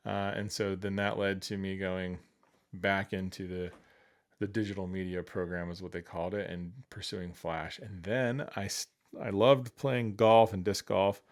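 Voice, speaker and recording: A man in his forties, a guest in a casual interview, telling personal stories with lively acted-out quotes. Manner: animated, acts out quoted voices with sudden jumps in pitch and volume.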